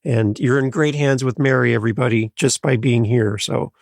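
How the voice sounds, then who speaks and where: A man guesting on a podcast, energetic and full of stories about his own shows. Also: medium pitch, moderate pace, vocal fry, no room sound, studio quality. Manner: energetic, storytelling. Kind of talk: casual interview chat.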